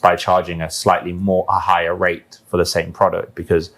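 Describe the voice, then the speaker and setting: A man's voice: deep voice, little pitch movement, normal speed, fairly bright tone. A man from the United Kingdom, a bar director, talking earnestly and at length in a conversational interview, with many fillers.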